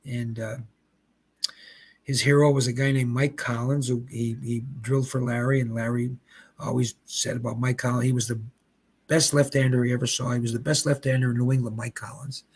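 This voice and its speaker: A man in his seventies from Pennsylvania, a retired bowler and guest, telling rambling, animated anecdotes in casual chat. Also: medium pitch, a little fast, slight background noise. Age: 70s. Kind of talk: casual storytelling.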